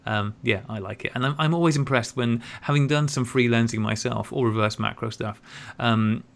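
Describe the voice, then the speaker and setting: A man's voice: mid-range voice, steady tone, moderate pace, gravelly. A man co-hosting a casual podcast, talking animatedly and teasing his co-host.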